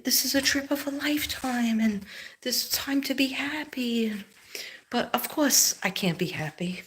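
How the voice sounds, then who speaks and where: A woman's voice: deep voice, husky. A middle-aged woman chatting on a live stream, telling rambling, emotional stories and often dropping to a near-whisper. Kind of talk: casual live-stream chat.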